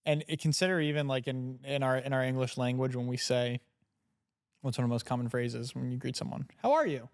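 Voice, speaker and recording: A man's voice: mid-range voice, level tone, a little fast. A man being interviewed on a podcast, talking in a reflective, coaching way about emotions and self-awareness. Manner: reflective, coaching tone with frequent restarts. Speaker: guest entrepreneur. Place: seated in a chair indoors.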